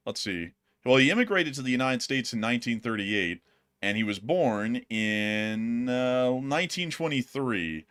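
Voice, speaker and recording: A man's voice: medium pitch, expressive, a little slow, fairly bright tone, clear, resonant tone. A man hosting a live commentary stream in a mid-range voice. He rambles, restarts his sentences and fills gaps with fillers, while he reacts to the news and thanks supporters. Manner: rambling, repeats words, many fillers. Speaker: host.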